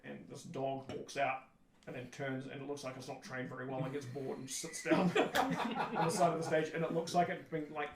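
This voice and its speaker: A game master from New Zealand narrating a tabletop game in an animated way, dropping into little voices for the scene. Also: medium pitch, normal speed, vocal fry, reverberant, a crowd in the background.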